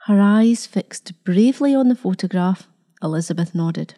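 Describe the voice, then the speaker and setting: A woman narrating a story with a very dark, mellow voice. Her reading is measured and dramatic, giving the moments room. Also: mid-range voice, expressive. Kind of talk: scripted narration.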